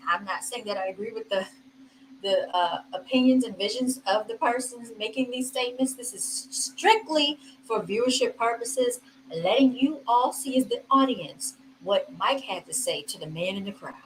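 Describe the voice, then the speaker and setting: Her voice sits on the high side with a fairly bright tone at normal speed, in a rough recording with a little hiss or hum. She hosts a casual vlog commenting on video clips, chatting directly to viewers as y'all and laughing often.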